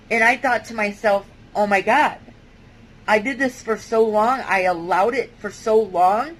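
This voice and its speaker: A woman vlogger giving a halting, hesitant personal testimony, with many fillers and restarts. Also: mid-range voice, slight background noise, rough recording.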